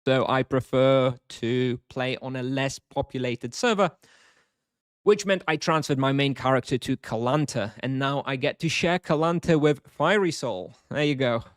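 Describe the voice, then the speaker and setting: A man's voice: mid-range voice, moderate pace, clean tone, no room sound, studio quality. A man streaming a game live, chatting casually and answering viewers at length. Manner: rambling, reads chat aloud and answers.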